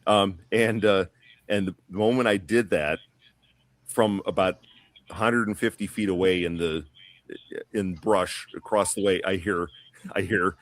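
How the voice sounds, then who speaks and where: A man's voice: low voice, steady tone, unhurried, pauses often, no room sound. A man telling a long story on a podcast panel in a casual, rambling way, full of fillers and restarts. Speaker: guest.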